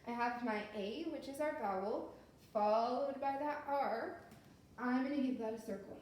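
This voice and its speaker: A woman teacher talks through a phonics lesson slowly and patiently, one step at a time. Her voice sits a little high. The room rings with heavy echo under a faint hiss. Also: a little mellow. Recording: very echoey room with faint noise.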